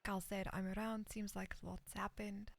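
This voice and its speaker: A gravelly, level-toned woman with a mid-range voice speaks at normal speed, free of any room sound. As a roleplay streamer in an in-character western chat, she reads messages aloud hesitantly and repeatedly slips into a whisper.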